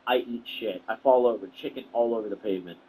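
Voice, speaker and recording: A man's voice: mid-range voice, quick pace, a little mellow, slight background noise, poor audio. A young man talking casually to camera, telling a rambling, profane, slang-heavy story as a video creator.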